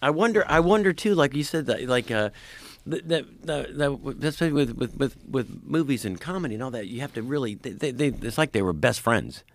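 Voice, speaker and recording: A male comedian guest in a casual podcast chat, telling stories excitably with lots of swearing and restarts. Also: mid-range voice, a little fast, hardly any pauses. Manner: excitable, profane storytelling with many restarts.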